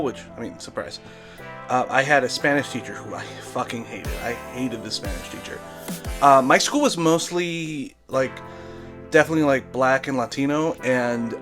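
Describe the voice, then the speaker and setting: A man's voice: mid-range voice, fairly bright tone. A young adult man from Brooklyn, telling a rambling, profane comedy story in a casual monologue. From Brooklyn, New York.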